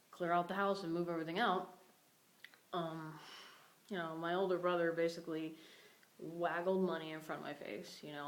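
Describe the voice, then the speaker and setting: A young woman with a low, bright voice rambles through a vlog rant, leaning on fillers like "like" and "you know". She sounds short on sleep. The camera mic in an empty room at home picks up a faint noise behind her. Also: low-quality recording. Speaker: vlogger.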